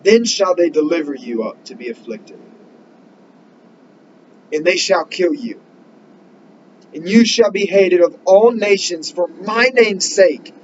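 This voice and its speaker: High-voiced man preaching urgently. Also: muffled recording, a little hiss or hum. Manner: earnest, urgent, rising to emphatic questions; reads scripture slowly in King James wording. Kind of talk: sermon.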